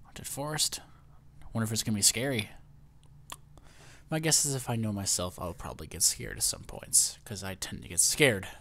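A young man hosting a casual gameplay commentary, excitable and often startled. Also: lowish voice, brisk, slight background noise. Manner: excitable, lots of startled exclamations. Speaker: let's play host.

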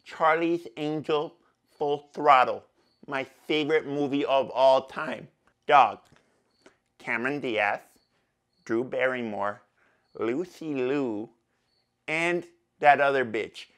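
A man's voice: medium pitch, slow, long pauses, fairly bright tone, pitched below the performer's own voice. A man playing a boastful, goofy young rapper character with a Toronto accent, drawling and slangy in a comedic lyric breakdown. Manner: exaggerated boasting swagger. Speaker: parody rapper.

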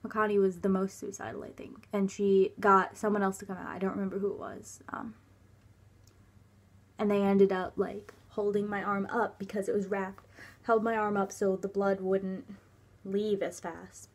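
A young woman recounts a personal story in a casual, unscripted way. She speaks at a middling pitch with hesitant starts, lots of fillers, and soft, quiet stretches. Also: little pitch movement. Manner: halting, hesitant, with many fillers. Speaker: vlogger.

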